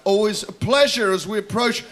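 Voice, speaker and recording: An English comedy host delivering a rapid, indignant, mocking stand-up rant. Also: male voice, sits high, fairly bright tone, slight background noise.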